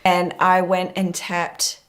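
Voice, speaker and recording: A woman, a guest speaker, telling a story in a talk show interview in a brisk conversational way. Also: lowish voice, completely flat delivery.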